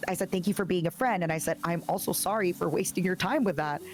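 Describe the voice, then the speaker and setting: Chatty woman guest, animated storyteller. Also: on the low side, fast talker, slight background noise. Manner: animated storyteller, acts out quoted dialogue. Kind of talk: casual chat.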